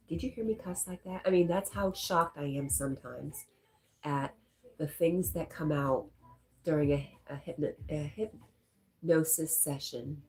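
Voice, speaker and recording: Low-voiced woman chatting on a stream. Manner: reads viewer comments aloud and chats back softly. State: stuffy nose. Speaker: live stream host reading chat. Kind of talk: casual live stream chat.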